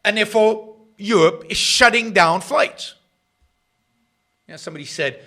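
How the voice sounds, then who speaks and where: A middle-aged man hosting a political talk livestream, sarcastic and rambling, jumping between loud emphasis and quiet muttered asides. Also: sits high, expressive, measured pace, vocal fry, pauses often, slightly rough. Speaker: host of a political talk show. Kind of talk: livestream commentary.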